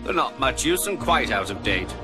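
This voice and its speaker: A man's voice: mid-range voice, sing-song, moderate pace, natural voice. A man voicing a proud, boastful male helicopter who talks down to others in a smug, superior way. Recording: music playing underneath.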